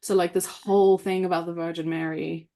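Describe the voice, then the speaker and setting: A woman, an author appearing as a guest, chatting casually on a podcast in an animated, rambling way with plenty of fillers. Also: fairly low pitch, fairly quick.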